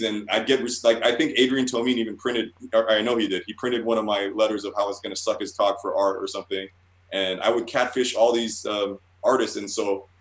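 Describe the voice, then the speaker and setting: A man, a guest cartoonist, telling loose and profane stories in a casual interview and laughing at himself. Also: fairly low pitch. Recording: roomy echoey room.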